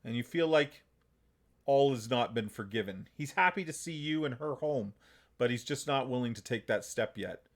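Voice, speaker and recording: A man narrating a tabletop game as game master, halting and full of fillers. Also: mid-range voice, animated.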